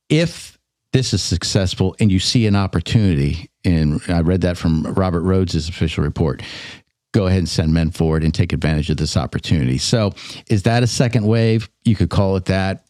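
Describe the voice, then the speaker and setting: A man, a battlefield guide, answering listener questions in relaxed, joking podcast chat. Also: low voice, no echo, clean studio sound. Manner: relaxed, joking, thinks aloud.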